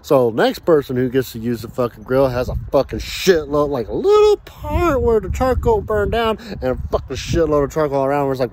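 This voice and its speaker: A man's voice: a little high, big pitch swings, brisk, hardly any pauses, darkish tone, slight background noise. A man ranting casually and profanely about his work week while grilling outdoors. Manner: profane, heated storytelling. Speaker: vlogger.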